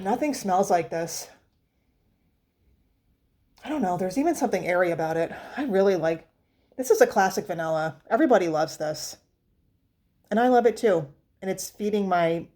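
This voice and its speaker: A woman with a slightly low voice talks casually to her viewers about perfume. She rambles a bit, with fillers, restarts and trailing thoughts. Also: lively intonation, normal speed, long pauses, warm tone. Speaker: perfume vlogger. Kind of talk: casual chat.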